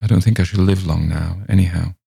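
A man's voice: sits low, fairly even intonation, a little fast, vocal fry, mellow, slightly rough, no room sound, studio quality, exaggerated voice. Rosalind, a man reading as a fragile forsaken young woman. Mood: dull, despairing. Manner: dull little voice.

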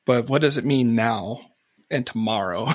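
A man hosting a podcast, chatting in an animated way and acting out quoted remarks. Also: medium pitch, measured pace, no echo. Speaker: podcast host. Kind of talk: conversational podcast interview.

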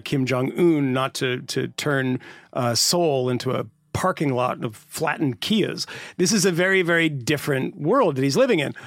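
A man co-hosting a casual political podcast chat, sardonic and rambling, swearing and filling pauses with "uh" and "you know.". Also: mid-range voice, no echo. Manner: rambling, sardonic, profane, lots of fillers. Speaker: podcast co-host.

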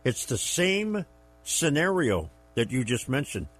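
A man's voice: mid-range voice, sing-song, measured pace, dry recording. A man hosting a political radio show, who chats casually and backs his co-host up with short agreements. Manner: affirming, conversational, brief backchannels.

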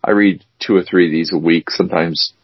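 A man co-hosts a podcast in loose, rambling chat, often stopping to restart his sentences. His voice is husky and sits fairly low. The recording is dry and a little dull. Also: fairly even intonation, brisk, no echo. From United States. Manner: rambling, with many fillers and restarts. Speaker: podcast co-host. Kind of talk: casual chat.

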